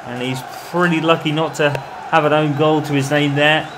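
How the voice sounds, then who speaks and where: A man commentating on his own football video game in the manner of a match broadcaster, calling the play and getting loud at goals. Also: on the high side, little pitch movement, moderate pace, noisy background. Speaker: gaming commentator. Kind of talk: mock football match commentary over gameplay.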